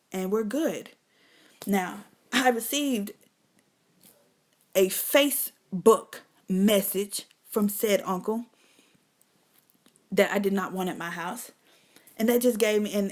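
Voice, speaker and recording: A woman's voice: medium pitch, a little mellow. A middle-aged woman hosting a live stream, telling a personal story candidly and bluntly, with lots of cursing, and talking straight to her viewers. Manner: blunt, emphatic, profane, addresses viewers as y'all.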